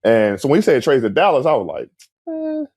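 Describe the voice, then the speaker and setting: A man's voice: mid-range voice, fast, breathy edge, no echo. A man casually telling a story, acting out quoted dialogue with lots of "like" and "man". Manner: animated, acts out quoted dialogue, frequent "like" and "man". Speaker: guest recounting a story.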